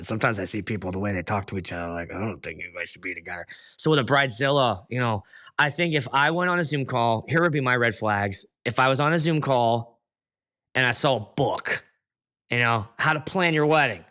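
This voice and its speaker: A man chatting casually on his livestream about DJ gigs. His pitch sits at an average height but swings up and down as he tells stories. He acts out what guests say, swears freely, and laughs often between lines. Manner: animated storyteller who acts out quotes with swearing. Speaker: DJ and livestream host.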